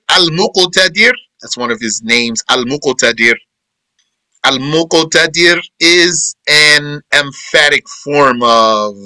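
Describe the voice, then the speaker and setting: A man teaching a verse-by-verse Quran commentary, reciting Arabic verses briskly and then explaining them slowly in English, repeating phrases. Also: mid-range voice, pushed and bright, dry recording, poor audio. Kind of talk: verse-by-verse tafsir lesson.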